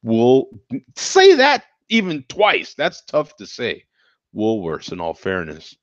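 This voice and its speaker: A man from the United States hosting a casual chat show, reacting to viewer comments with frequent laughs and animated exclamations. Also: medium pitch, takes it slowly, dry recording. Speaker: show host. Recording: dull, dry lo-fi sound.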